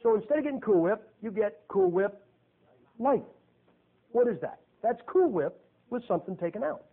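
A man with a high voice delivers a folksy, emphatic sermon, firing rhetorical questions at the congregation. The recording is thin and tinny, like a phone line. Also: animated, moderate pace. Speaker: preacher.

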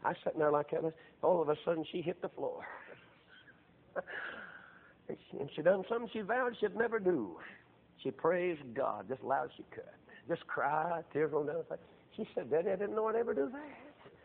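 A middle-aged man preaching a sermon, with fervent delivery that swells into loud, drawn-out emphasis. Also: fairly high pitch, lively intonation, vocal fry, breathy edge. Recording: tinny phone-like lo-fi sound.

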